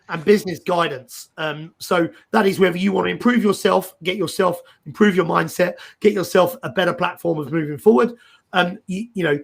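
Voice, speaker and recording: Middle-aged male host, gravelly, chatty and rambling. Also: on the high side. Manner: animated, rambling, repeats words as he goes. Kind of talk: casual career advice chat.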